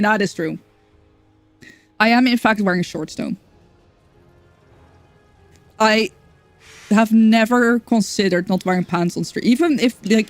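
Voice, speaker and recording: A woman streaming a game in casual chat, chatty, excitable and self-mocking. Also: mid-range voice, dry recording.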